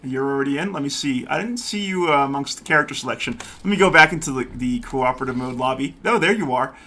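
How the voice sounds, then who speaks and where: A man hosting a co-op game stream, talking loudly and cheerfully with his players. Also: mid-range voice, fast talker. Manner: loud and lively, says so himself. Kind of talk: casual live-stream chat.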